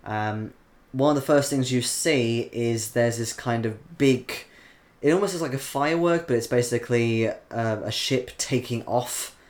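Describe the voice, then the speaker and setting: A man from the Isle of Man hosting a live stream, chatting casually and reading out viewer comments, rambling with frequent ums. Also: medium pitch. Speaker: livestream host reading chat.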